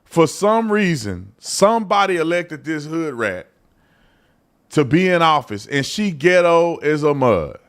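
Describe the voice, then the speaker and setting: With a voice on the high side and big swings in pitch, this man keeps a measured pace. He's an adult Texan with a Texan accent, mocking and bluntly slangy as host of a live political commentary show.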